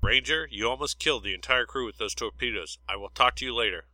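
A man's voice: medium pitch, fast, bright, forceful tone, dry recording, poor audio. A man voicing a tough male squad leader under fire, who gives orders in a raised voice. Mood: commanding.

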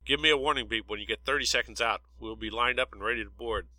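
A man's voice: mid-range voice, quick pace, bright, forceful tone, no echo, rough recording. A man voicing a tough male squad leader under fire, who gives orders in a raised voice. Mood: commanding.

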